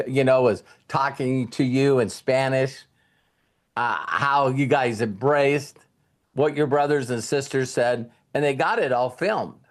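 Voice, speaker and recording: A man giving a casual motivational talk, telling a story and retelling conversations with repeated words and restarts. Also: mid-range voice. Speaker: motivational speaker.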